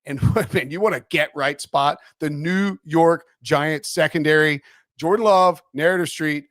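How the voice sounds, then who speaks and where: A man giving casual sports betting picks, rambling and animated with laughing asides. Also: on the high side, a little slow, no room sound, clean studio sound. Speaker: NFL betting analyst.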